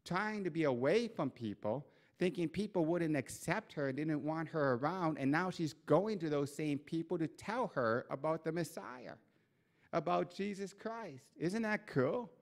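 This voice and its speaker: A man preaching a church sermon, telling a scripture story with lively acted-out voices and asides. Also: fairly high pitch, measured pace. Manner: animated storytelling, acts out quoted voices. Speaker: pastor. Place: church sanctuary.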